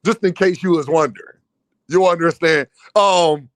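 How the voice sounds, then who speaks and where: A man's voice: fairly high pitch, normal speed, no echo. A man hosting a livestream, teasing and trash-talking chat members with frequent laughter. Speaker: livestream host. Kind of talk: casual livestream banter.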